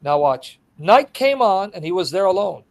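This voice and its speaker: A man preaching an expository sermon, animated and laughing as he acts out the scenes. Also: sits high, moderate pace.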